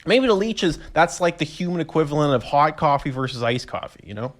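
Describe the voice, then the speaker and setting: Rambling man with lively pitch. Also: fairly quick. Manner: rambling, animated storytelling with laughs and voiced reactions. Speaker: podcast host. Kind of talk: casual solo monologue.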